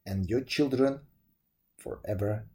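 A man voicing a deep-voiced river giant who speaks slowly and solemnly, in a storybook reading. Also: darkish tone. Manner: slow, solemn pronouncements.

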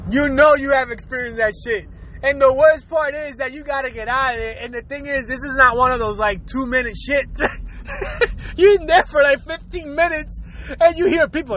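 A man's voice: very high-pitched, brisk, a bit bright, a little hiss or hum. A man telling a crude comedic story to his viewers, laughing constantly through his words and acting out noises.

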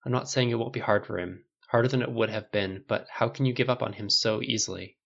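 A man's voice: medium pitch, fast talker, vocal fry, lo-fi sound. A man reading aloud and voicing a firm, cutting middle-aged mother in an audiobook of a story. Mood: sad, quiet. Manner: sharp, exasperated, poisonous.

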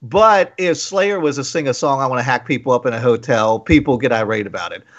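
A man hosting a casual radio talk show who tells stories in an animated way and slips into quoted voices. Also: mid-range voice, a little fast, muffled recording.

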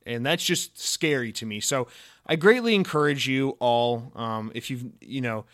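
A man's voice: medium pitch, moderate pace. Rambling mock-serious male podcast host. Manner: mock-serious, rambling, animated with many restarts and fillers. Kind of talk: solo podcast rant.

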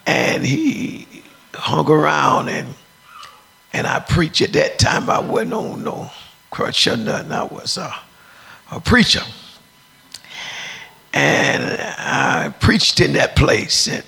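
A deep-voiced woman preacher telling a testimony, acting out the dialogue as she tells it. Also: vocal fry, a bit bright, breathy edge. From United States. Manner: storytelling, acts out dialogue.

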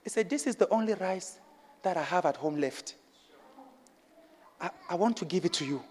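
A man with a very high voice preaching a passionate sermon in a church. His delivery swings from hushed lines to loud, climbing shouts. The sound rings with long reverb in a big hall. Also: sing-song, moderate pace, pauses often. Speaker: pastor.

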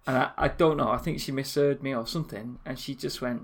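A man co-hosts a podcast in loose, casual banter, often laughing and stumbling over his words. He starts sentences again and again and keeps calling his friend "mate", his pitch sitting around the middle for a man. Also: fairly even intonation, fairly quick. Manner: laughs often, stammering restarts; uses "mate" a lot. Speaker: podcast co-host.

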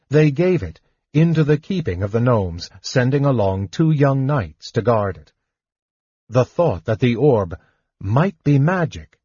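Husky man reading a fantasy audiobook. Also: medium pitch, no room sound, lo-fi sound. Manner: lively storytelling. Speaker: audiobook narrator. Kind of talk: scripted narration.

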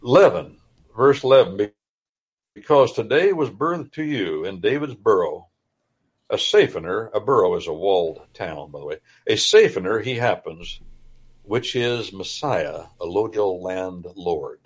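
A man's voice: fairly low pitch, lively intonation, unhurried, breathy edge. A male radio host reading and explaining scripture in a folksy, emphatic, preacher-like way. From United States.

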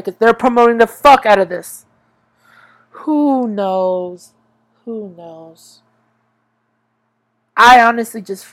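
A young woman hosting a podcast, talking in a rambling, self-interrupting way that often stops and restarts, swearing freely, her voice tired and strained. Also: medium pitch. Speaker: podcast host. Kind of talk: casual monologue about TV.

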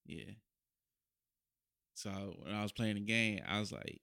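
A man's voice: lowish voice, normal speed, creaky, long pauses, pushed and bright, no room sound, studio quality. A young man hosting a casual podcast chat in loose slang, often trailing off and restarting. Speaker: podcast host.

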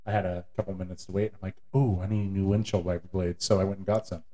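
A man co-hosting a casual podcast, talking in an easygoing, rambling way. His voice sits a little low with a mellow, dark tone. He pauses on fillers while he explains things at length. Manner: relaxed, rambling, many fillers. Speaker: podcast co-host. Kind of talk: casual chat.

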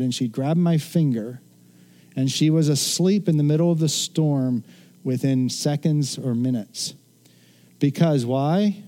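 A man's voice: on the high side, dark tone. A middle-aged man preaching a sermon in an earnest, conversational way, with asides and restarts. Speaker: pastor.

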